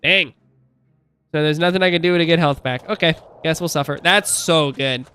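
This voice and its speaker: A man's voice: on the high side, moderate pace, bright, forceful tone, clean tone, dry recording. A man in his thirties chatting casually on a live stream, rambling through asides and laughing often.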